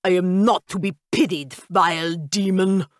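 A woman reading an audiobook voices a formal, winged male creature with an old-world vampire accent, speaking slowly and stiffly. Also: high voice, no echo, clean studio sound. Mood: indignant. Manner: stiff formal speech, slow and deliberate. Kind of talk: audiobook character voice.

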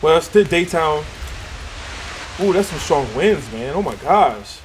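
A man narrates his survival game run in a slightly high, very lively voice that swings from hushed nerves to loud yelps. He swears often and talks to himself as he plays. A faint hiss sits under the recording. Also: measured pace. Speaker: gaming YouTuber. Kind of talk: survival game let's play commentary.

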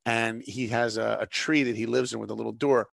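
This is a middle-aged man sharing stories as a guest in conversation. He has a gravelly, mid-range voice and speaks with earnest, preacher-like conviction, often pausing on rhetorical questions. The sound is close and dry, with no room behind it. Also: medium pitch, steady tone, fairly bright tone, no room sound. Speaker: guest, animation director. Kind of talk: dramatic storytelling in conversation.

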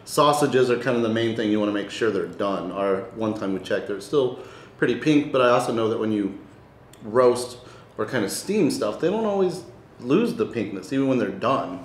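A man's voice: lowish voice, animated, normal speed. A man hosting a cooking show, chatting in an easygoing, practical way. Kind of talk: casual chat. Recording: roomy echo, faint noise.

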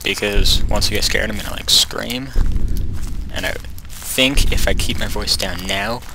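A young man with a lowish voice plays a horror game and talks the whole way through, nervous and jittery. He keeps his voice hushed, then breaks into panicked, repeated words. His home microphone picks up a clear hiss of noise. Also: a little slow. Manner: jittery, nervous, often drops to a hushed voice and bursts into panicked repetition. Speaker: gaming YouTuber. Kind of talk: horror game let's play commentary. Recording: noisy home mic recording.

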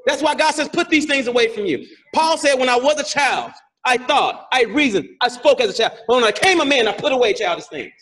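A man preaching a sermon as pastor, asking the congregation questions and rising from quiet reading to shouted exhortation. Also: very high voice, animated, a little fast, few pauses.

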